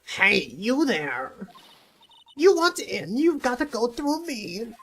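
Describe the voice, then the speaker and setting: A nosy old woman guarding a studio gate, croaky and scolding, her pitch jumping high and swooping all over, as a man with a sore throat puts her on. She rambles about the old days in a game voiceover. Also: sing-song, slow, fairly bright tone, heavily acted. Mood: gruff. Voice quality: croaky put-on old-lady voice.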